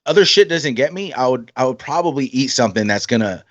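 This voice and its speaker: A man's voice: mid-range voice, lively intonation, fast talker. A young man co-hosting a podcast, laid-back, teasing and swearing casually. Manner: laid-back, swears and teases, says "yo" and "bro". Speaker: podcast co-host. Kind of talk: casual chat.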